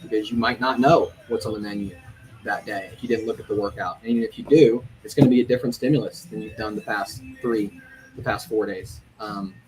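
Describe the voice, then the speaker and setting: A man's voice: lowish voice, steady tone, a little fast, darkish tone, faint music behind, poor audio. A man who coaches at a gym, talking in an easygoing, reflective way in a casual chat.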